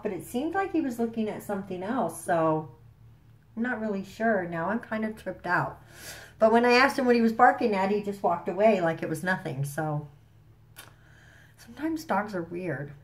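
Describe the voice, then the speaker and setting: Chatty woman rambling through a show recap. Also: medium pitch. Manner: chatty, rambling, enthusiastic, with frequent fillers and slang. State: stuffy from allergies. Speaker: vlogger.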